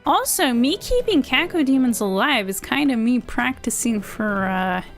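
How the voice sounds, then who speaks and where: Playful gamer girl chatting w/ chat, kinda high voice, game music going behind her. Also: animated, normal speed, fairly bright tone. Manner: chatty, playful, swears casually. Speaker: VTuber streamer. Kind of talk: casual gameplay chat with viewers.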